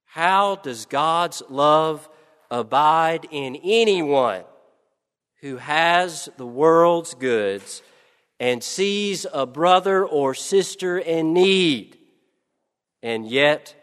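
Slow, deliberate male preacher. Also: on the high side, animated, fairly bright tone, smooth, big-room sound. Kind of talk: sermon storytelling.

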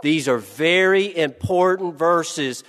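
A man's voice: fairly high pitch, slow, fairly bright tone, big-room sound. A man voicing a firm, patient Sunday school teacher giving instructions to her class. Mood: instructing.

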